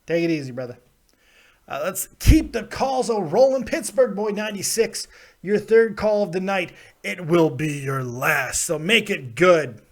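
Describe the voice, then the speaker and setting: Man, high voice, call-in show host, blunt, profane, laughs a lot. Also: expressive, unhurried. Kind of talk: casual live call-in chat.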